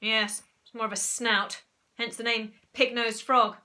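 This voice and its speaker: A woman's voice: fairly high pitch, little pitch movement, measured pace, sharp tone. A woman voicing a stern, posh older man who owns a zoo, speaking in a pompous, commanding way.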